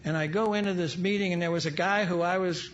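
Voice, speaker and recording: A man's voice: sits high, fairly even intonation, fast talker, a little hiss or hum. An older man from New York speaking at a recovery meeting, telling stories with humorous, wry asides. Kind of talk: storytelling talk to an audience. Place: large event hall. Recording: dull lo-fi live recording.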